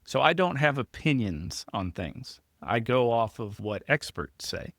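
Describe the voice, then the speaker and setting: A man's voice: medium pitch, big pitch swings, a little slow, fairly bright tone, no room sound, clean studio sound. A man hosting a podcast in a chatty, self-deprecating way, often laughing as he talks. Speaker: podcast host. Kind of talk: casual podcast chat.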